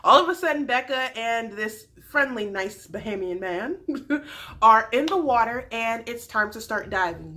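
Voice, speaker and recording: A woman giving a casual, animated TV recap as a vlogger, slangy and quick to laugh. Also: medium pitch.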